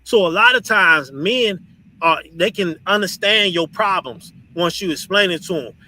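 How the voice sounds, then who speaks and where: An officer and teacher leads a group discussion, delivering a preachy lecture to an online audience in a high, bright voice. He is blunt, profane and scolding, laughs between points and often asks "you understand?", speaking at a moderate pace with lively intonation. The audio quality is poor.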